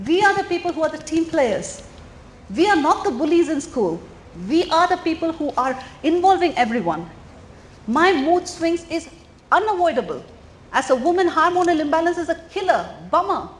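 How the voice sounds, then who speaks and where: A middle-aged woman speaks to a room of parents in an earnest, animated way, often turning questions back on her listeners. Her voice sits a little higher than most women's. The room is echoey, with a faint hum of background noise. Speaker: parenting speaker at a school coffee morning. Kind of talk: lively talk to a room of parents. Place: school hall or meeting room.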